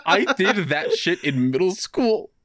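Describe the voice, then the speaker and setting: A young man co-hosting a podcast, telling a story in an animated, swearing, casual way. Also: sits high, measured pace, dry recording, studio quality. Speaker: podcast co-host. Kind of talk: casual chat.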